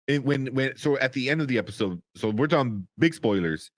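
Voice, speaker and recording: A man co-hosting a podcast, recapping a TV episode in a rambling, casual way that turns animated when he gets excited. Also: medium pitch, a little fast, no room sound. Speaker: podcast co-host.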